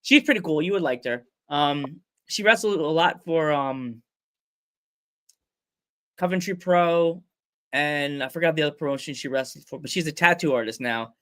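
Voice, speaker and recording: A man's voice: on the high side, moderate pace, fairly bright tone, dry recording, studio quality. An American man hosting a casual podcast over a remote call, chatty and rambling, laughing often. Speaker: podcast host. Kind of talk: casual chat. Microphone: remote call mic.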